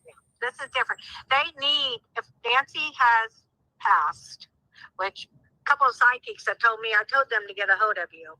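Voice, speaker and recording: A woman's voice: on the high side, animated, normal speed, bright, forceful tone, no room sound, low-quality recording. A woman speaking as a guest in a phone interview, emphatic and heartfelt, often repeating herself. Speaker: guest, sister of a crime victim.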